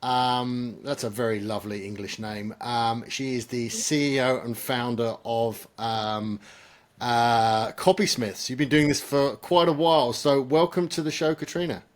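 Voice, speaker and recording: A man's voice: medium pitch, a little slow. Male podcast host, casual and unpolished, filler-heavy, dry self-mocking humor. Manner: relaxed, self-deprecating, frequent ums and uhs.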